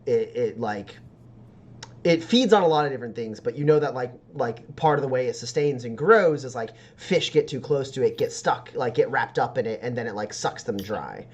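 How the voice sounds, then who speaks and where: A man's voice: mid-range voice, lively intonation, moderate pace, husky. A man narrating a tabletop game as game master, describing scenes in a rambling way with many fillers.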